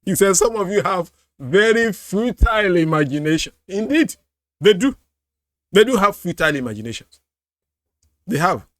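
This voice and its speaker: Male reaction host, high and animated, slow and amused, dry close sound. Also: dry recording. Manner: laughs often, repeats exclamations. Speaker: apologetics host reacting to a clip. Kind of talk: mocking reaction commentary.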